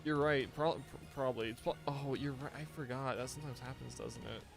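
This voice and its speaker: A man's voice: mid-range voice, fairly even intonation, fairly quick, vocal fry, faint music behind. A tired man streaming a game live, chatting loosely with viewers and often restarting his sentences. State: tired, yawning. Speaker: gaming streamer. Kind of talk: casual live-stream chat.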